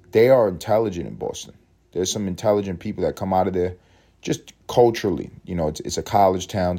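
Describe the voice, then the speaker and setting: A man's voice: low-pitched, dark tone. A man hosting a solo podcast, musing aloud in a profane, rambling way and laughing often. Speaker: podcast host.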